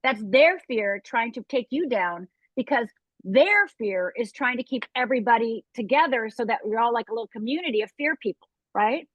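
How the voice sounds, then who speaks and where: A woman's voice: on the high side, lively intonation, moderate pace, fairly bright tone, dry recording. Emphatic woman coach on a dull video call. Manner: emphatic, acts out inner voices, tags "right?". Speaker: fear coach guest. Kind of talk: interview conversation.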